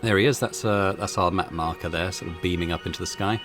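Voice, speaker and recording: A man casually commentating a video game, relaxed and self-deprecating. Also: low-pitched, fast talker, few pauses, faint music behind. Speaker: gaming channel host. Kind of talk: casual let's-play commentary.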